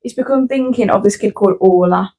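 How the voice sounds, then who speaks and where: A woman's voice: mid-range voice, fast, warm tone. A young woman, co-hosting a podcast with giggly, playful banter. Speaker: podcast co-host. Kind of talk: casual chat.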